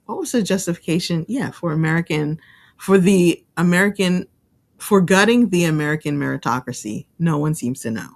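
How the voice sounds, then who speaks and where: A woman's voice: on the low side, creaky, darkish tone. A woman co-hosting a podcast in casual chat, teasing and laughing often. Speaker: podcast co-host.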